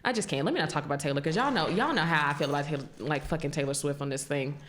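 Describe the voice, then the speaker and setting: A woman's voice: sits low, very fast, a bit bright, slight background noise. A woman hosting a podcast, chatting casually and animatedly, laughing often and cursing freely. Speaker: podcast host. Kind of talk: casual chat. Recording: echoey room.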